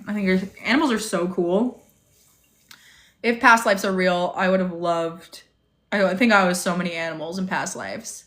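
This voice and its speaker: A young woman with a bright, forward voice chats casually on a livestream, bubbly and quick to react to viewers' comments. She talks into a phone propped on a tripod in a motel room. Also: on the low side. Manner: chatty, bubbly, reads and answers viewer comments. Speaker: livestream host.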